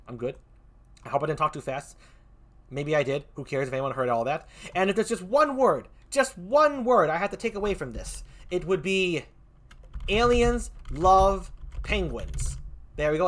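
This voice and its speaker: A man hosting a livestream, doing playful improv game banter with a hammy, animated manner. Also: high-pitched. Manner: animated, hammy, laughs often. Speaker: stream host.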